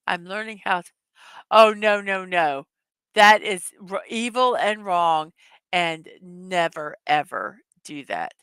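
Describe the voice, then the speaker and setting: Giggly slow-talking woman host. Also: lowish voice, animated, a bit bright, clean tone, no room sound. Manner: giggly, chatty, laughs often at her own jokes. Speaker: host of a daily morning show. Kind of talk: casual chat reading memes to a live audience.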